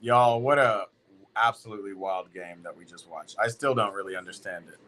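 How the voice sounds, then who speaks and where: A man's voice: lowish voice, brisk, bright, forceful tone. A man streaming a football watch party, reacting in a loose, slangy, exclaiming way. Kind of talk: live football watch-along commentary.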